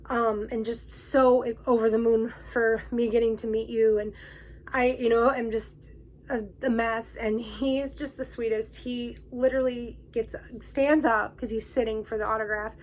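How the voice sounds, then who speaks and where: A woman's voice: fairly high pitch, steady tone, normal speed, a little mellow, a little hiss or hum. A young adult woman telling a personal story to the camera in a casual, gushing way, emotional and full of fillers and restarts. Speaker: vlog host.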